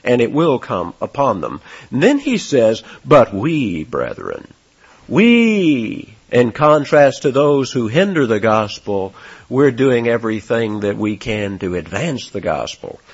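A man preaching an expository sermon, stressing words hard and dropping to a near hush for effect. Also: mid-range voice, very animated, slow, slightly rough, highs cut off. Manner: emphatic, swings between loud and soft for stress. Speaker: pastor.

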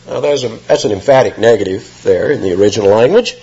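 A man's voice: fairly low pitch, fast talker, few pauses, warm tone, slightly rough. A man preaching an expository sermon, emphatic and rising sharply when he quotes. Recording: muffled lo-fi sermon recording.

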